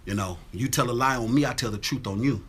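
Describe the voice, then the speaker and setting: Guy on a phone stream from his house, bright punchy voice, keeps shouting out viewers and repeating his sayings. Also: mid-range voice, quick pace, breathy edge. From Atlanta, Georgia. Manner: greets viewers by name, repeats catchphrases. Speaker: livestream host. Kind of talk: casual livestream chat. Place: home with windows open.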